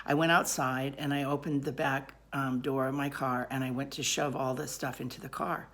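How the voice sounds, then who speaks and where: Low-pitched woman recounting a personal story, lively and rambling, frequent ums. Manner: animated, rambling retelling with many fillers. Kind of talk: personal story told aloud.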